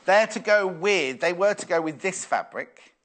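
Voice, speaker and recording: A man's voice: sits high, expressive, normal speed, fairly bright tone. A man presenting fabrics on a live shopping channel, chatting and musing aloud as he reads out viewer messages. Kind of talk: live sales demonstration.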